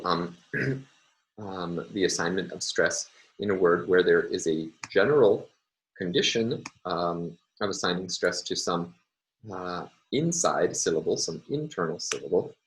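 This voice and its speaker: Low-voiced man lecturing, steady and explanatory. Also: slight background noise, low-quality recording. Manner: measured, explanatory, frequent "uh" and "um" pauses. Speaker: university lecturer. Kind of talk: recorded phonology lecture.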